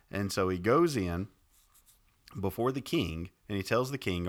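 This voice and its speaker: A man's voice: fairly low pitch, big pitch swings, slow, pauses often. A man co-hosting a podcast, retelling a Bible story casually, rambling and laughing often. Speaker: podcast co-host.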